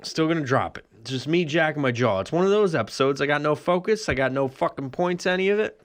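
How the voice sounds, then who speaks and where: Profane ranting man. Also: fast talker. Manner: profane, crude and animated, heavy swearing; jumps up in pitch when ranting rhetorical questions. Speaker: podcast host. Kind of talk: rambling solo podcast rant.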